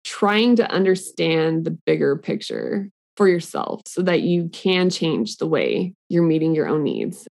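A woman's voice: sits low, very animated, a little slow, vocal fry, hardly any pauses, darkish tone. A woman co-hosting a podcast, explaining ideas earnestly with casual "like" fillers. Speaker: podcast co-host. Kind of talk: casual chat.

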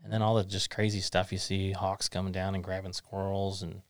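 A middle-aged man hosts a casual interview in an easygoing, rambling way. His voice sits fairly low and has a gravelly fry to it. He is recorded close, with a dry sound. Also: flat delivery, brisk, no room sound. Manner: easygoing, rambling, thinks aloud with fillers. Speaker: podcast host.

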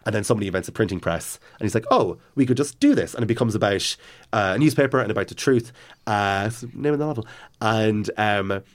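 A man with a fairly low voice talks through a favourite novel in a relaxed chat. He gets carried away, circling back and restarting his sentences as he goes. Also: fast talker. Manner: enthusiastic, rambling retelling with many restarts. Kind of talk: casual chat about books.

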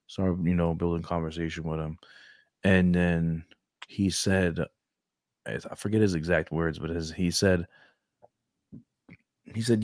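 A young man, a Marine recruiter and co-host, telling a story in laid-back slang with an animated retelling. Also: sits low, moderate pace, long pauses, no echo, clean studio sound. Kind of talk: casual podcast storytelling.

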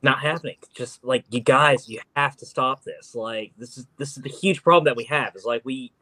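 A man's voice: mid-range voice, moderate pace, bright, forceful tone, dry recording, rough recording. A young man arguing casually and pessimistically on a sports talk show, with lots of "like.". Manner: pessimistic, argumentative, filler-heavy.

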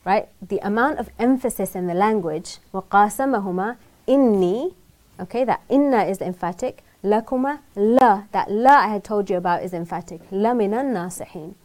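A woman with a mellow, medium-pitched voice teaches a religious lesson on Quran verses. The Islamic teacher keeps it conversational, often checking in with "right?", reciting the Arabic verses quickly before explaining them in English.

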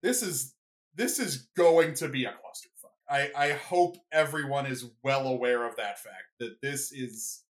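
Rambling, excitable sports podcast host. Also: medium pitch, measured pace. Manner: rambling, filler-heavy, excitable. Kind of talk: casual solo sports podcast rant.

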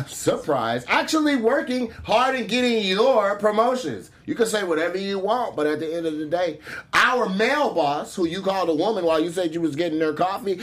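A man voicing a sassy woman coworker firing back at a sexist colleague, with a drawn-out, mocking delivery. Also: high voice, fairly bright tone, pitched above the performer's own voice.

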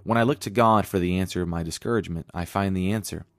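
A man's voice: low-pitched, fast, dry recording, studio quality. A man preaching a sermon in an earnest, conversational way, reading scripture aloud as he goes.

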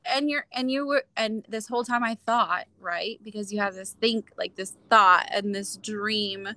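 Young woman guest, candid and laughing, bright forceful voice. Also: mid-range voice, normal speed, no echo. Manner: candid, laughs often, acts out quotes. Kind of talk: casual interview chat.

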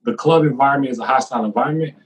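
A man telling stories in a casual podcast conversation, animated and full of slang. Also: mid-range voice, rapid-fire, distant mic.

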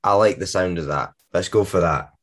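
A man from Scotland co-hosting a podcast, laid-back and quick to laugh. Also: deep voice, a bit bright. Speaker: podcast co-host. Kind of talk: casual podcast chat.

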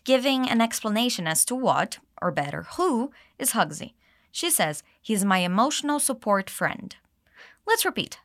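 A woman teaching English, explaining dialogue lines and modeling them slowly for learners to repeat. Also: mid-range voice, a bit bright, no room sound, studio quality. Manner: clear, slow modeling of phrases with exaggerated intonation. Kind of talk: English lesson with repeat-after-me drills.

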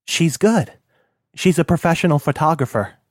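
Man playing a reserved diplomat, awkward, halting, dry sound. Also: on the high side, expressive, no echo, voice pushed up. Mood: embarrassed.

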